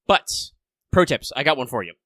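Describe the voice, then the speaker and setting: Guy hosting a chill podcast, kinda sick, lots of uh and like, bright voice, dry room. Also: mid-range voice, very animated, fairly quick, no echo. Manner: rambling, lots of fillers. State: a bit under the weather. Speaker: podcast host. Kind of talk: casual chat.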